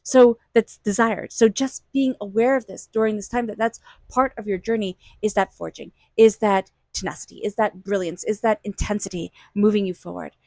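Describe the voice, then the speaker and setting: A woman's voice: mid-range voice, steady tone, normal speed, hardly any pauses, darkish tone, no room sound. A woman giving a casual, reassuring tarot reading, repeating phrases for emphasis. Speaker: tarot reader.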